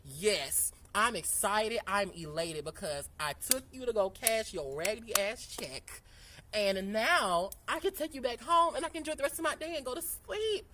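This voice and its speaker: Woman spilling a storytime outside, fast and cussing, faint noise behind her. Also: fairly high pitch. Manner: animated, profane, fast-talking storyteller. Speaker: vlogger telling a story. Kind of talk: casual storytime monologue. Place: outdoors in sunlight.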